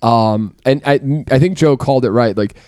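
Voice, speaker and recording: A man hosting a casual chat among friends, telling animated, teasing stories. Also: medium pitch, clear, resonant tone, dry recording, clean studio sound. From from an Irish Catholic family. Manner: fast, animated storytelling, teasing. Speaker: podcast host.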